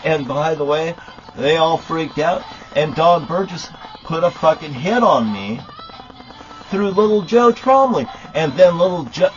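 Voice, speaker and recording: A man delivering a profane, accusatory rant to camera outdoors, sometimes shouting. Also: fairly high pitch, highs cut off. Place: outdoors at a rock landmark.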